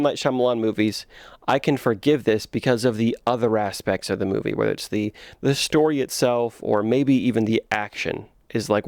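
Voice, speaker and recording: A man in his twenties giving sarcastic, animated comedic commentary on bad movies as a video host. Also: on the low side, dry recording, clean studio sound.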